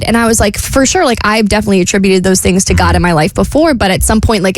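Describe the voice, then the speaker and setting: A woman's voice: mid-range voice, no room sound. A woman in her twenties co-hosting a radio show, talking candidly and laughing at herself. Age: 20s. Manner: candid, laughing, rambling with self-aware jokes. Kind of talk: casual morning radio chat. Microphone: studio microphone.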